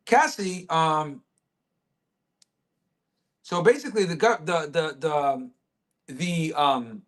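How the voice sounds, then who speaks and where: Brash, fairly high-voiced man streaming. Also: fairly bright tone. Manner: brash, crude, swears a lot, talks to chat. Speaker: livestream host. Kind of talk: casual livestream chat.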